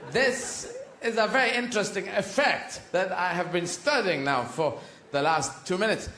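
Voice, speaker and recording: Animated man doing a stand-up routine. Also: high voice, moderate pace, echoey room, big-room sound. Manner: rambling, animated, slips into silly voices. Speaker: stand-up comedian. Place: theatre stage before a live audience.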